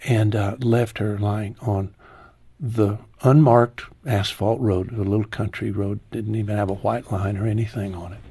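A man in his sixties, a guest in an interview, telling a heartfelt personal story slowly, his voice falling low and soft at painful moments. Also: fairly even intonation, slightly rough, no echo.

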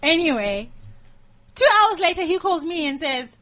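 A woman with a South African accent, a guest on a talk show, telling a story in a lively way and acting out the dialogue. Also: very high-pitched, normal speed. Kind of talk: casual chat, telling a story.

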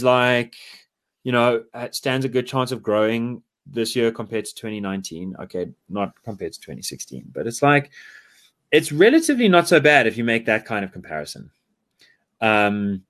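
A South African man in casual podcast chat, rambling through his points with plenty of "like" and "you know". His pitch swings widely, lively and expressive, at a middling height. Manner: rambling, animated, filler-heavy.

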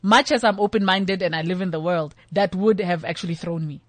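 A middle-aged woman with a South African accent, chatting and telling stories in an animated way, acting out the people she quotes. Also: fairly low pitch, brisk, dry recording. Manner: animated storyteller, acts out quoted voices. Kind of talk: casual chat.

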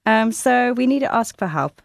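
A woman in her thirties speaking in a candid, conversational Christian talk, often laughing and quoting herself with animated bursts. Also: a little high, normal speed, creaky, no echo, clean studio sound. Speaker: guest speaker.

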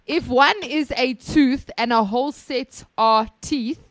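Woman, fairly high voice, dry recording, casual group chat, patient explanations. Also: slow pace, no echo. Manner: explains patiently, reads quotes with stress. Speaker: co-host. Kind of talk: casual group chat, reading examples aloud.

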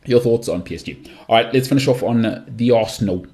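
A man's voice: medium pitch, fast, a little mellow. A young man hosting a solo podcast, talking in a chatty, jokey way and jumping between asides. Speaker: podcast host.

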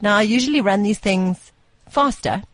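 A woman co-hosts a relaxed chat show and tells her stories with animated energy, laughing as she goes. Her voice sits at a middle pitch. It is recorded close and dry, with no room sound. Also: moderate pace, no echo. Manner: animated storyteller, laughs often. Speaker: co-host. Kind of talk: casual chat.

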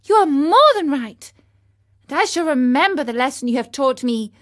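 A woman reading aloud and voicing an emotional wooden boy puppet, high and tearful. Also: normal speed. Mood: remorseful. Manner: sobbing, pleading, high and excited.

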